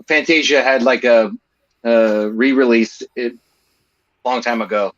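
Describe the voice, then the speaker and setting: A man's voice: medium pitch, steady tone, measured pace, fairly bright tone. Rambling man, lo-fi podcast sound. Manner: rambling, many fillers and restarts. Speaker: podcast panelist. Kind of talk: casual chat.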